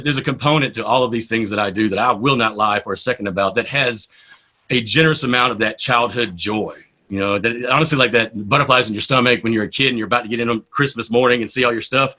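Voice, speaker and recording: A man, a poet and radio host, telling stories in a casual interview with an animated manner. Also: mid-range voice. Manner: animated storyteller.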